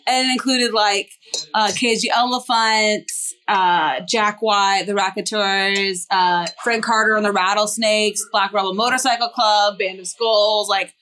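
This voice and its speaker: A woman's voice: mid-range voice, fairly even intonation, a little slow, bright, forceful tone. A woman with a Southern US accent, a band member guest chatting in an interview with a bubbly manner. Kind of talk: casual interview chat.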